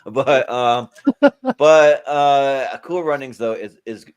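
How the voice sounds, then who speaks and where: A man's voice: medium pitch, takes it slowly, clear, resonant tone. A man chatting casually as a panelist, rambling with lots of fillers. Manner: rambling, many fillers and restarts. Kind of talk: casual group chat.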